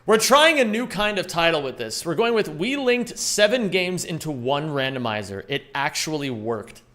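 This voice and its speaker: A man's voice: on the high side, sing-song, moderate pace, bright, forceful tone. A man streaming a speedrun, chatting loosely with his viewers, greeting them by name and rambling between thoughts. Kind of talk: live-stream chat while speedrunning.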